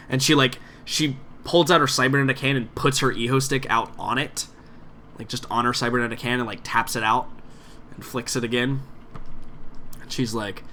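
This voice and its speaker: A man's voice: medium pitch, fairly even intonation, normal speed, pushed and bright, slight background noise. Rambling male game master. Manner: loose, rambling, many fillers. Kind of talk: narrating a tabletop game.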